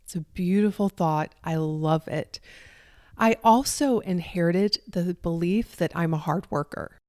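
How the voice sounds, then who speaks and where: A woman in middle age with a Southern country accent hosts a solo podcast. Her voice sits on the low side, and she speaks in an earnest, conversational way. The recording is close and dry. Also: a little mellow, dry recording. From Southern United States. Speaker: podcast host, life coach.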